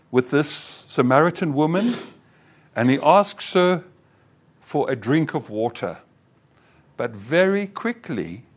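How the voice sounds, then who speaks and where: A man preaching a sermon in a slow, earnest way, pausing often and restarting phrases. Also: on the high side.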